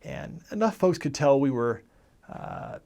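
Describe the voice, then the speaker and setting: With a mellow, mid-range voice that is very animated yet unhurried, this former missionary from the United States rambles through his life story. He's in his forties and often stops to correct himself in this casual personal account.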